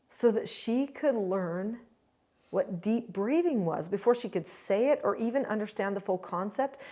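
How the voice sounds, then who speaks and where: Middle-aged woman, parenting coach, earnest chatty teaching to camera. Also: mid-range voice. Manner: earnest, chatty, with lively quoted asides. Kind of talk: casual instructional talk to camera.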